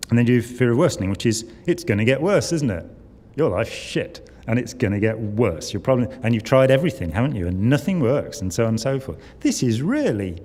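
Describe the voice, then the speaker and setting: A man's voice: medium pitch, a little mellow. An older man giving a conversational talk at a conference, wry and full of asides. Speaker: conference speaker. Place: conference hall. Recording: long hall reverb.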